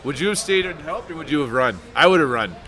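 A Canadian man with a bright, forceful voice co-hosts a casual live chat. He teases his partner and leans into dark jokes, recorded at a bar. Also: fairly high pitch, animated, fast talker. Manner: teasing, dark humor. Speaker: podcast co-host. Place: sports bar.

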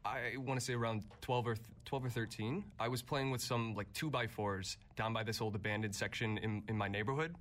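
A man's voice: fairly low pitch, steady tone, a bit bright. A man hosting a student radio show, chatting casually and laughing easily with his co-host. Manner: laid-back, chatty, quick to laugh. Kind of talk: casual chat.

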